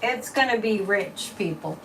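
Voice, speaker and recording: A woman's voice: mid-range voice, animated, a little slow, a bit bright, far from the mic, slight background noise, poor audio. A woman from Massachusetts hosting a casual psychic livestream, chatty and mocking, repeating words and laughing often.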